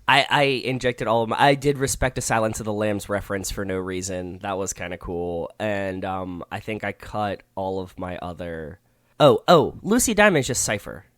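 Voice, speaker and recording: A male podcast co-host with a mid-pitched voice who chimes in with short, laid-back remarks. The recording is dry and close. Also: expressive, moderate pace, a bit bright, no room sound. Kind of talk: casual chat.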